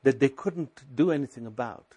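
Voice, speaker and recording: A man's voice: mid-range voice, a little fast, mellow, slightly rough. A man preaching a sermon, urging his listeners with repeated rhetorical questions and scripture recited aloud. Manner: exhorting, repetitive, rhetorical questions.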